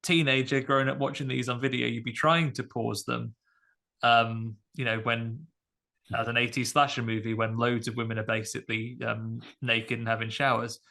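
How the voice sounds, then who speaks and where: A man's voice: medium pitch, flat delivery, normal speed, creaky, pushed and bright. A man hosting a podcast, chatting wryly in a loose, filler-heavy way. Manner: chatty, wry, many fillers. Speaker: podcast host. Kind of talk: casual chat.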